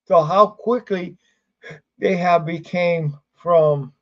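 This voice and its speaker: A man's voice: high voice, slow, lo-fi sound. A man hosting a casual sports livestream, rambling with fillers and restarts, sleepy and yawning. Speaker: sports show host.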